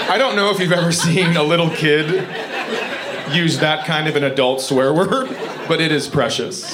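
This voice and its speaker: A man does stand-up in an easygoing, halting way, pausing on fillers as he goes. The room is echoey, and loud ambience runs under his voice. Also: on the high side, lively intonation, very noisy. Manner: laid-back, halting delivery with fillers. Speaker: stand-up comedian. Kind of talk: stand-up comedy routine. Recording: roomy live stage recording with loud ambience.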